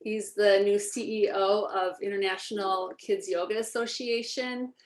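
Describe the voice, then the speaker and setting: A woman's voice: medium pitch, fairly even intonation, moderate pace. Echoey woman hosting an online talk. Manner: loose, searching phrasing. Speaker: host. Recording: roomy echo.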